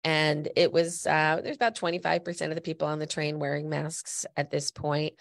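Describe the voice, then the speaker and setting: Low, gravelly woman with a stuffy cold. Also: steady tone, normal speed. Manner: chatty storyteller, direct appeals to listeners. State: has a cold, a little stuffy. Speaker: podcast host. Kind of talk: conversational podcast talk.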